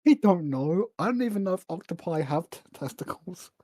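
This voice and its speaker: Blunt, swearing man with a mellow, higher voice. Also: expressive, fairly quick, no echo. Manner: blunt, stubborn, swears freely. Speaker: podcast co-host. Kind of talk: casual podcast chat.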